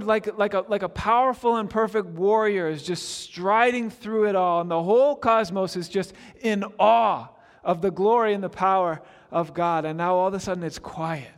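Pastor guy preaching, kinda high voice, goes big then quiet, long hall echo. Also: moderate pace. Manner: expressive, swings from loud to hushed. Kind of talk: sermon.

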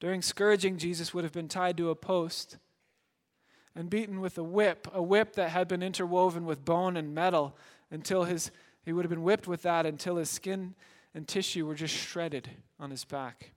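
A man preaching a sermon as a dramatic story, shifting between loud emphasis and hushed moments. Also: sits high, fairly even intonation, normal speed. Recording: long hall reverb.

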